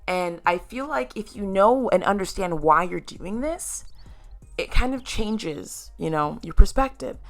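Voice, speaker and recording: A woman's voice: mid-range voice, lively intonation, measured pace, soft background music. A woman vlogger talking candidly and emphatically to her viewers, addressing them directly. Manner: candid and emotional, sometimes tearful. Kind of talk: personal video talk to camera.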